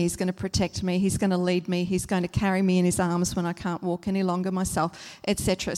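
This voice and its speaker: A woman of mid pitch gives a church teaching talk in a calm, explanatory way, often pausing on um and uh. She leans on repeated phrases to stress each word in turn. Her voice carries a long hall reverb. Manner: gentle, explanatory, many ums and uhs.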